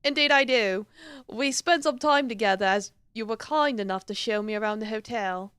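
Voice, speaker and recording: A woman's voice: a little high, moderate pace, a bit bright, clean tone, no echo, close to an everyday voice. A woman voicing a courteous, sly male professor-detective in a game, in a formal, mock-British put-on accent.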